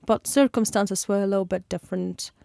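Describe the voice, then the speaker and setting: A woman's voice: medium pitch, fairly even intonation, a little fast, vocal fry. A woman giving casual reaction commentary in a sympathetic, chatty, giggly way. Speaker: reaction video host.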